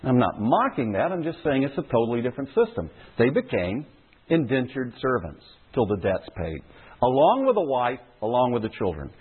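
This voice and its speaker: Pastor, male, husky voice, lively sermon delivery, tinny phone-like recording. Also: mid-range voice, fairly quick. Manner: emphatic, repeats key phrases for stress.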